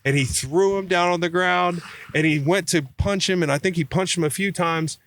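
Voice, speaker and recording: Animated, swearing man telling stories. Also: sits high, moderate pace. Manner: animated, swearing, acts out quotes. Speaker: podcast guest. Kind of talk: casual storytelling chat.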